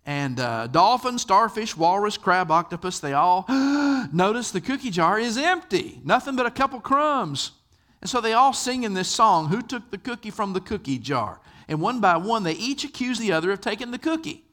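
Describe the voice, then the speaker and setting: Older preacher, high and lively. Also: male voice, normal speed. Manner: conversational storyteller, asks the audience questions. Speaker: pastor. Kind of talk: sermon.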